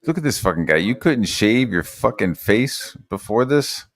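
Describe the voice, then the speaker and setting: A man's voice: on the low side, expressive, moderate pace. A man hosting a casual chat, telling a rambling, profane story with lots of fillers.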